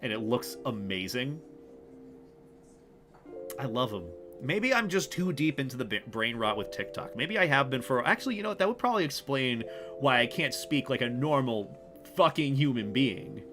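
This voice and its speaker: A man's voice: medium pitch, very animated, moderate pace. A young man chatting casually on a livestream, rambling and self-deprecating, with some swearing. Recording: music playing behind the voice.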